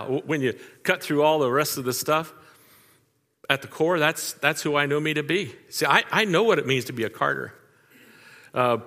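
A man's voice: a little high, pushed and bright, big-room sound. An older man preaching a sermon, telling folksy family stories in a conversational way and turning to the audience with asides. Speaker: pastor. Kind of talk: storytelling sermon.

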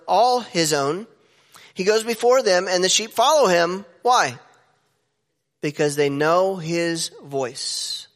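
A man preaching a sermon as pastor, animated and jumping up in pitch for emphasis. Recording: echoey hall with long reverb.

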